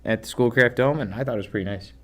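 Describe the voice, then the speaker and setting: A man's voice: mid-range voice, racing. A man co-hosting a casual soccer chat, teasing his friends and chatting easily. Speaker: co-host.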